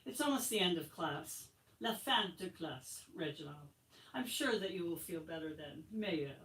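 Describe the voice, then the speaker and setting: Brief: patient, prim schoolteacher read by a woman, lowish voice, distant mic. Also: expressive, moderate pace, a bit bright. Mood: prim coaxing. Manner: patient, coaxing. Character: prim female high school French teacher. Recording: echoey room from far off.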